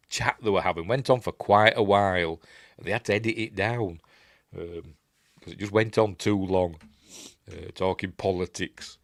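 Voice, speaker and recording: A middle-aged Yorkshire man talks his way through a film in a loose, rambling commentary, correcting himself and wandering off into asides. His voice sits fairly low. The recording is close and dry, with no room sound. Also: fairly bright tone, no echo. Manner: rambling, chatty, self-correcting with many asides. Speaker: film reviewer and host. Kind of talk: casual running commentary over a film.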